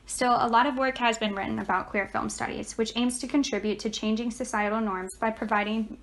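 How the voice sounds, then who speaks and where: A woman's voice: on the high side, fairly even intonation, a little fast, creaky, fairly bright tone. A young woman, a student, giving a scripted class presentation and reading steadily from her notes.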